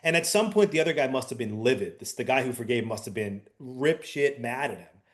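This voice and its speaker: A man's voice: medium pitch, a little fast. Middle-aged male co-host, loose anecdotal delivery, plenty of fillers and restarts, mid-range voice. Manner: animated, rambling storyteller with many fillers. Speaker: podcast co-host. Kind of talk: casual storytelling chat.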